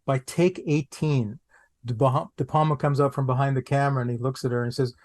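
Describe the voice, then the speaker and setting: A man, an actor guest on a podcast, telling anecdotes in an animated way, repeating phrases for comic effect. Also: medium pitch, fairly quick. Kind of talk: anecdotal storytelling.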